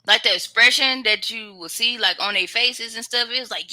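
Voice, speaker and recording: Female co-host, bright and reactive, laughs a lot; dry room. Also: on the high side, moderate pace, dry recording. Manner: laughs often, short reactions. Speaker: podcast co-host. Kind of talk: casual chat.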